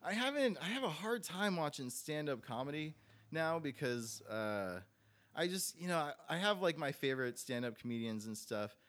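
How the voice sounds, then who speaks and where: A man's voice: on the high side, expressive, moderate pace, a bit bright. A man in his thirties, a comedian guest in casual chat, rambling with restarts and laughing often.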